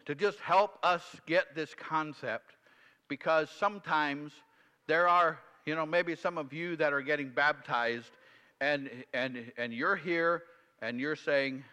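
A man preaching with bright, forceful emphasis and tossing in quick tag questions. His voice rings with a long reverb through a large hall. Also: a little high. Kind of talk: sermon.

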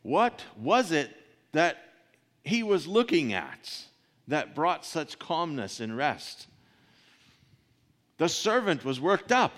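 A man preaching a sermon, reading scripture and then expounding it, with rhetorical questions and soft asides. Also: mid-range voice, very animated, a little slow, long pauses, in a large hall.

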